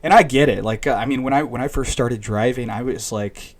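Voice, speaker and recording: A man, a podcast co-host, telling an anecdote in relaxed, rambling casual chat. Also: mid-range voice, brisk.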